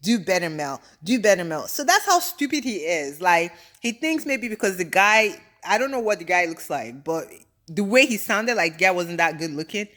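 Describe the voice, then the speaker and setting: A young adult woman giving a casual reality TV recap, animated, exasperated and full of slang. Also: medium pitch, moderate pace.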